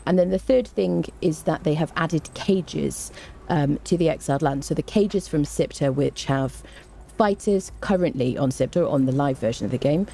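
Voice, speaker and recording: A British woman streaming a game live, chatting warmly with viewers, greeting them and reading patch notes with frequent ums and restarts. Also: low-pitched, slight background noise.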